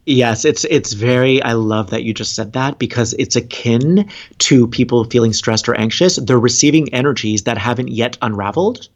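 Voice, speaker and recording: A man's voice: medium pitch, moderate pace, few pauses. A man talking earnestly about relationships and spirituality as a podcast guest, rambling and laughing often. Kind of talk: casual podcast conversation. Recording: dull lo-fi sound.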